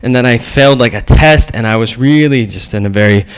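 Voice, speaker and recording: A male preacher giving a storytelling sermon, animated and acting out the voices in his stories. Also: medium pitch, fairly quick, clear, resonant tone, rough recording.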